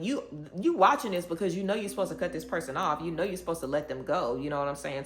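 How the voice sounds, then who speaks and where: A woman's voice: sits low, roomy sound, slight background noise. A woman giving a tarot reading straight to her viewers, emphatic and preachy, repeating words for stress. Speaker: tarot reader. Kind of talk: direct-to-camera tarot reading.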